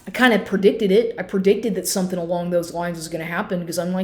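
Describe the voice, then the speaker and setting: A woman's voice: fairly low pitch, fairly even intonation, fast talker, few pauses, warm tone, roomy sound. A woman vlogging an angry personal rant at home, swearing constantly and firing off indignant rhetorical questions.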